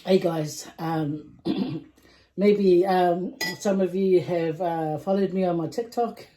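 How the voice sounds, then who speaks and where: Brief: woman vlog host, casual mealtime chat, mellow tone, giggly asides. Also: fairly low pitch, steady tone, slow pace, slight background noise, poor audio. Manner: chatty and giggly, trails off into soft asides. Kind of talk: casual chat while eating.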